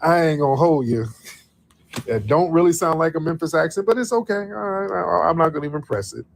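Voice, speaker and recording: A man's voice: a little high, a little fast, creaky, a little hiss or hum. Male livestream host taking callers, easygoing drawl, says things twice. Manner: loose, drawling, repeats phrases. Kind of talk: casual call-in livestream chat.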